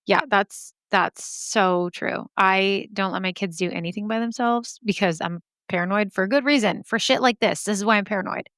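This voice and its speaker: A woman's voice: medium pitch, moderate pace, hardly any pauses, a bit bright, dry recording, clean studio sound. A woman hosting a podcast, chatting casually and candidly about listener stories, swearing freely and laughing at herself. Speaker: podcast host. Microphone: podcast microphone.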